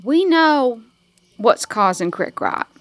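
A woman's voice: a little high, sing-song, slow, dry recording. A woman playing a tabletop role-playing game in character, making folksy, earnest speeches. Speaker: player.

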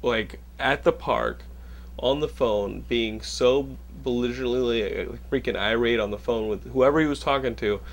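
A young man in a mid-range voice speaks at normal speed while hosting a casual podcast chat. His storytelling is animated and full of swearing.

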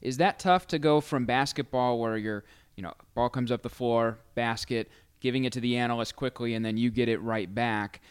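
A man's voice: medium pitch, normal speed, clear, resonant tone, dry recording, studio quality. A man interviewing a guest, asking friendly, conversational questions.

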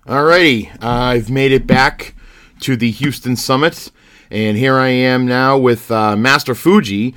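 A man's voice: medium pitch, unhurried, fairly bright tone, clean tone. A man hosting a wrestling podcast, playfully staging interviews, hesitant and full of fillers. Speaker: podcast host. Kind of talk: playful scripted bit with interviews.

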